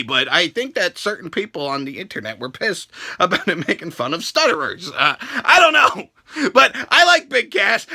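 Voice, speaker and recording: A man's voice: high voice, vocal fry, sharp tone. A man ranting through a wrestling show recap, profane and sarcastic, jumping into silly voices to mimic the people he quotes.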